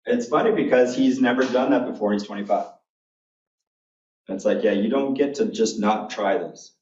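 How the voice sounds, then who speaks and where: A man's voice: fairly low pitch, moderate pace, darkish tone, distant mic. Folksy, blunt keynote speaker, a man. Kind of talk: animated storytelling talk. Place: conference hall. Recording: echoey, dull room recording from afar.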